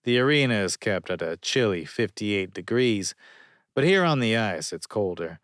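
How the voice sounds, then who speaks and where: A man with a low voice narrates a small-town romance in the first person, unhurried and wry. His intonation moves a lot, and the recording is dry and close with no room sound. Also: lively intonation, a bit bright, no echo. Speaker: audiobook narrator.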